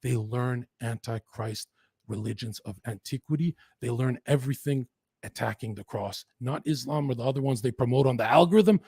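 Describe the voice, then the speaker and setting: A husky-voiced man from western Canada speaks as a podcast guest, recounting his life in an intense, rapid-fire, profane rush. The recording is close and dry, with no room sound. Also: mid-range voice, dark tone, no echo. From Lower Mainland, Canada. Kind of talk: candid storytelling in an interview.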